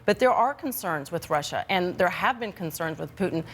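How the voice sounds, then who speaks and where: A woman giving her views as a commentator on a TV panel, brisk and assertive. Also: fairly low pitch, lively intonation, a little hiss or hum. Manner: brisk, assertive, talking-point delivery. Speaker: political commentator. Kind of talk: panel debate. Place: television studio.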